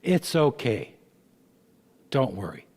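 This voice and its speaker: A man's voice: mid-range voice, huge pitch swings, takes it slowly, a little mellow, breathy edge, in a large hall, voice pushed down, exaggerated voice. A man reading the lines of a kindly older man who hosts him, in his own voice. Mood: reassuring.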